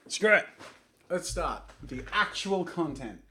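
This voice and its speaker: A man's voice: on the high side, very animated, slow, bright, forceful tone, a little hiss or hum. A man hosting a casual vlog, self-mocking and fond of restarting his lines. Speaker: host.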